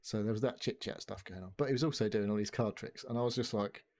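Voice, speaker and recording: A man's voice: on the low side, fast talker, a little mellow. A man telling a long story on a casual podcast, rambling and swearing freely. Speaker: podcast co-host. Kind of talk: casual chat.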